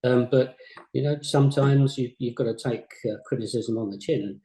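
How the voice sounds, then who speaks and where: An older man, a former games company boss, recalling his career in a modest, halting way, often repeating words. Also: mid-range voice, dark tone. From England. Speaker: former games company CEO, interview guest. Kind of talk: reflective interview chat. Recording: roomy echo.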